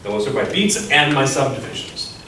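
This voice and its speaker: A man's voice: medium pitch, animated, normal speed, bright, forceful tone, slight background noise. A male music teacher explaining rhythm, often chanting beats aloud as syllables. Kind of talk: classroom lecture. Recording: echoey room from far off.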